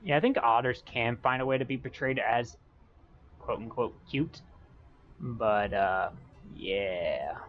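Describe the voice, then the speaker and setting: A young man streaming a game at home, chatting in a rambling, excitable way with bursts of high-pitched yelling. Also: slow. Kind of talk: casual live-stream chat. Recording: dull lo-fi stream audio with faint music.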